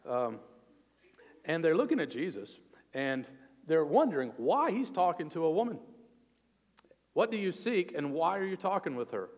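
A man preaching a sermon as pastor, earnest and expressive, sometimes dropping to a soft, intimate tone. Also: on the high side, moderate pace, long pauses, dull audio. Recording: long reverb of a hall.

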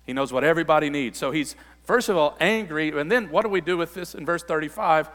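Pastor preaching in a reverberant hall. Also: male voice, on the high side, quick pace, a bit bright. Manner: expository, reads scripture then explains, builds to emphatic peaks. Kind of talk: sermon.

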